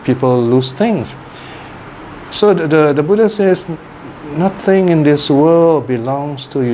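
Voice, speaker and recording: A man's voice: on the high side, darkish tone. Guy giving a chatty buddhist dharma talk, keeps asking "okay?", a bit of hiss behind. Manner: conversational, with frequent "okay?" and "right?" checks. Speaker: Buddhist teacher.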